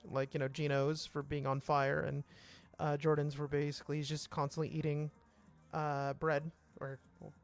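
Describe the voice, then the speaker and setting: A man's voice: a little high, monotone, normal speed, faint music behind. A man streaming a game jam, chatting casually with friends and rambling with lots of fillers. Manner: rambling, full of fillers and restarts. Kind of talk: casual chat with friends on a voice call.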